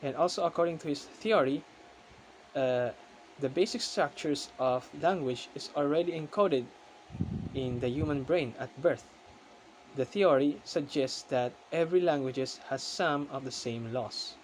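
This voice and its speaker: A man giving a recorded class lecture, reading definitions aloud in a halting, repetitive way. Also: on the high side, slight background noise. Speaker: student presenter.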